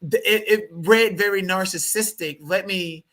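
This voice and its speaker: A man with a bright, fairly high voice, talking as a guest in a heated interview. He is animated and profane and circles back over the same words as he presses his point. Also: normal speed. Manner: animated, profane, repeats words when worked up.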